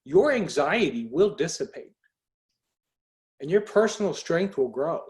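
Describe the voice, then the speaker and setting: A man with a fairly high voice hosts a motivational group call over a video link. He talks earnestly, pressing his listeners with direct questions and urging them to act. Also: very animated, a little slow, a little mellow. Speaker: host.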